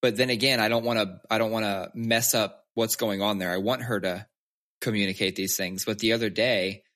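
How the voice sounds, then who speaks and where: A man's voice: fairly low pitch, fairly even intonation, a little fast, fairly bright tone. A man in his thirties chatting candidly about his kids, swearing freely and acting out their lines. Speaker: podcast co-host. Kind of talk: casual chat.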